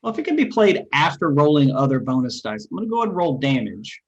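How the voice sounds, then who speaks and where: A man playing a tabletop role-playing game, casually working out damage totals out loud with a relaxed manner. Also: on the high side, fast, lo-fi sound, slight background noise. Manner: relaxed, talks through dice math with fillers. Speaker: player.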